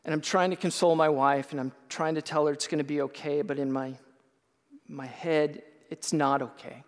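A male pastor telling a personal testimony in a sermon, earnest and storytelling, rising at times to loud impassioned outbursts. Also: on the high side, steady tone, normal speed. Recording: long hall reverb.

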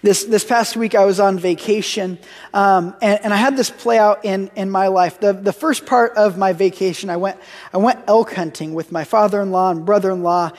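A man's voice: high voice, fairly even intonation, moderate pace, darkish tone. An American man in his thirties, preaching a sermon and telling stories, often repeating words as he restarts his sentences. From United States. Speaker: pastor. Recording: long hall reverb.

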